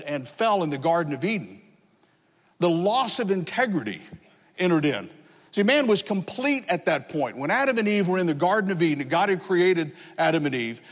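A male pastor preaches in an earnest, emphatic way, building on repeated phrases. His voice sits high for a man. A long reverb from a large hall follows his words. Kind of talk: sermon.

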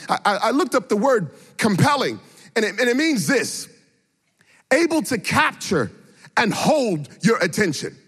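A middle-aged male preacher gives a sermon in a fairly high, slightly husky, sing-song voice at a measured pace. He shifts from hushed storytelling to fervent, almost sung exhortation, driving home key phrases by repeating them, and the audio carries a long hall reverb.

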